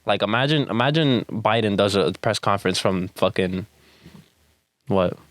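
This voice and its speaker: A man's voice: fairly low pitch, moderate pace, no room sound. A young man co-hosting a podcast, telling loose, profane stories in casual chat. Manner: loose, profane storyteller who acts out voices. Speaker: podcast co-host.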